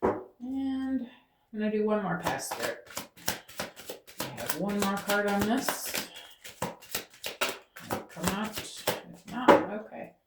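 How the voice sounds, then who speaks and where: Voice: mid-range voice, animated, slow pace, pauses often, heavy background noise. Echoey tarot reader checking in with "okay?". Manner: talks aloud to Spirit, tags phrases with "okay?". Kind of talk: channeled tarot reading to viewers. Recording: roomy echo.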